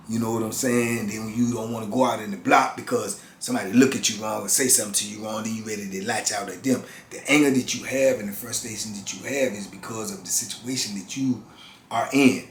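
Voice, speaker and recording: A man in his fifties telling a personal story in a halting, earnest way, often restarting and checking in with his listener. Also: lowish voice, fairly even intonation, a little hiss or hum. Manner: halting, earnest, many restarts and "you know what I'm saying". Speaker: formerly incarcerated channel host. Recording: roomy room with faint ambience.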